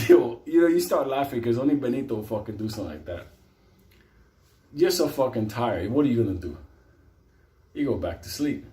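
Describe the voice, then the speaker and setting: Profane, animated male storyteller. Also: mid-range voice. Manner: animated, profane, shifts between loud and quiet. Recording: echoey room.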